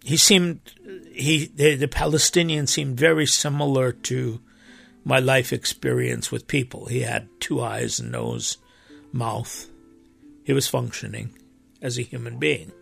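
Gravelly, husky man, earnest and emphatic. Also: mid-range voice, unhurried, soft background music. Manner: earnest, emphatic, with animated rises and quoted voices. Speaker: preacher. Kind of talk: impassioned conversational talk.

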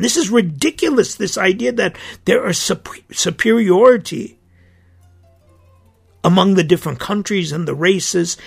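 A man's voice: on the high side, creaky, breathy edge. A middle-aged man, a priest hosting his own podcast, speaking in an earnest, indignant and emphatic monologue.

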